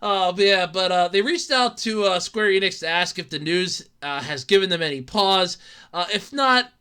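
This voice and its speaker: A podcast host ranting alone on a show, excitable and profane, laughing often and jumping between loud outbursts and mumbled asides. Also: mid-range voice, normal speed, clear, resonant tone. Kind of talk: solo podcast rant.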